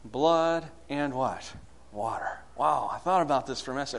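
A man preaching a sermon, asking the congregation questions and swinging between loud bursts and hushed lines. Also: medium pitch, moderate pace, gravelly.

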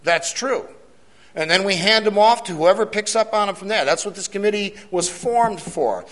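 A man's voice: sits high, normal speed, fairly bright tone. A man serving as a jail chaplain, giving an earnest testimony to a church committee and repeating key phrases for emphasis.

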